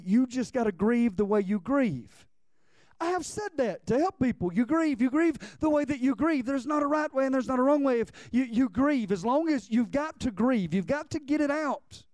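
High, smooth-voiced impassioned male preacher. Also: darkish tone, no room sound. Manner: impassioned, repeats words and phrases. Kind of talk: sermon.

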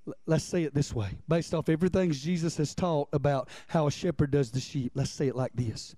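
Here a pastor preaches a little fast, his high voice mellow and his manner conversational. He returns to key lines and checks in with the congregation, and the audio is dry and close.

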